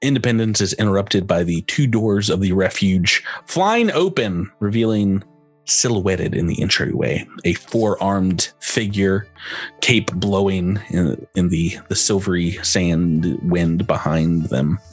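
A man narrating as game master of a tabletop game, laughing easily and halting with fillers. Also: deep voice, husky, no echo, soft background music.

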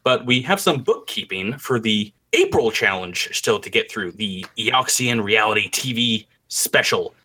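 Animated, bright-voiced man hosting a game. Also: lowish voice, measured pace, few pauses, breathy edge. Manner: playful, laughs often, animated intros. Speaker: game master and host. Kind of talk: lively podcast hosting.

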